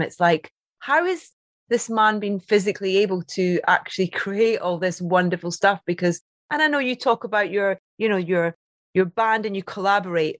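A woman's voice: mid-range voice, no echo. A woman hosting a podcast interview, asking long, rambling, enthusiastic questions. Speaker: podcast host.

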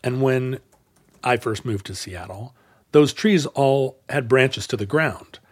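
A man's voice: medium pitch, takes it slowly, breathy edge. A man co-hosting a podcast, talking in a casual, wry way with many fillers and restarts. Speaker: podcast co-host. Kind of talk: casual chat.

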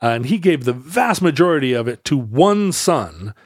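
A man's voice: mid-range voice, very animated, moderate pace, no echo, clean studio sound. Chatty man telling a history tale. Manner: rambling, self-correcting, laughs easily, tries funny voices. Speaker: podcast co-host telling a history story. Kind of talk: casual storytelling chat.

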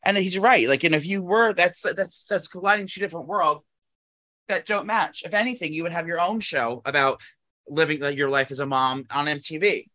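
A man co-hosts a podcast in loose, casual chat. His voice sits a little high for a man, and he rambles through stories with frequent fillers, restarts and casual swearing. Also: moderate pace, pushed and bright. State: out of breath. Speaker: podcast co-host. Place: New York apartment.

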